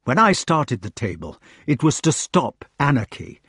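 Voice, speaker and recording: A man's voice: medium pitch, sing-song, a little slow, fairly bright tone, breathy edge, no room sound, studio quality, pitched above the performer's own voice, full character voice. A man playing an anguished, agitated king. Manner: urgent, pleading outbursts. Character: anguished aging male king, agitated and remorseful.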